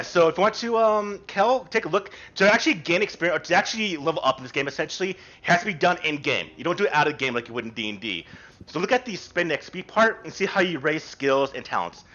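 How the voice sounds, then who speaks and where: A man's voice: fairly high pitch, a bit bright. Rambling man running a tabletop game. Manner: rambling, reassuring, with fillers. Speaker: game master. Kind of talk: casual rules explanation and narration. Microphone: online voice call. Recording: muffled voice chat with faint music.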